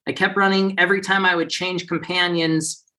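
A man's voice: high voice, little pitch movement, moderate pace, bright, forceful tone. A man in his forties telling a personal story in a casual way, acting out the people he quotes in raised, funny voices.

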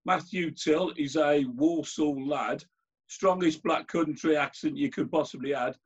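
Husky Birmingham host, stop-start talk. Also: male voice, fairly high pitch, a little slow, lo-fi sound. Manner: conversational, hesitant, restarts phrases. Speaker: host and chair. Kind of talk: hosting a conversation.

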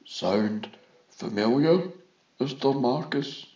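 A breezy male vizier , as a male reader puts him on, speaking slowly and surely, brushing off any danger. His low-key voice is slightly dull, like a modest recording. It is a storybook reading of a space tale. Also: expressive, gravelly, mellow, reverberant, exaggerated voice. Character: cheery confident male vizier on a spacecraft radio.

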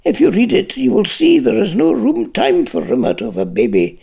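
Man voicing a fussy gravelly conjurer. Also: sits high, wildly swooping pitch, moderate pace, mellow, exaggerated voice. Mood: lecturing. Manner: fussy, self-important, querulous. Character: fussy, querulous male conjurer-author. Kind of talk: audiobook character reading.

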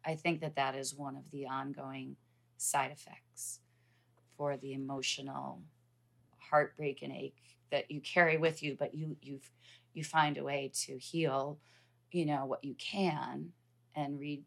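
A woman in her fifties telling a personal story in conversation, earnest and halting, with frequent restarts. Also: extremely low pitch, level tone, vocal fry, a bit bright. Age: 50s. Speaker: guest.

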